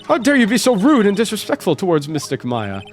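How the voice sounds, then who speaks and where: A man's voice: high voice, very animated, a little fast, voice pushed up. A man doing a stern older aunt and spirit medium from a video game, who speaks with haughty, old-fashioned propriety. The voice sits raised and swings up and down. Faint game music plays behind it. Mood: offended.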